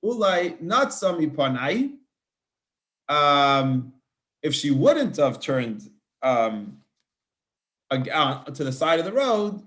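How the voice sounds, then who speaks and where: Chatty rabbi translating verse by verse. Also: male voice, a little high, very animated, takes it slowly, long pauses, a bit bright. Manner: reads Hebrew phrases then translates, chatty with many restarts. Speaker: rabbi teaching scripture. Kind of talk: verse-by-verse Torah class.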